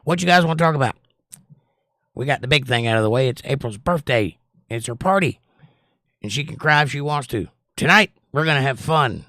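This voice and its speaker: A hoarse man from North Carolina hosting a casual livestream chat, joking and rambling with viewers. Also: medium pitch, animated, a little fast, pushed and bright, no room sound, studio quality. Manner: joking, rambling, does silly voices. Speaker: livestream host.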